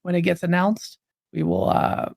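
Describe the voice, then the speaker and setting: A gaming stream co-host ranting casually, animated, swearing and laughing often. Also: medium pitch, moderate pace, gravelly, no echo, studio quality.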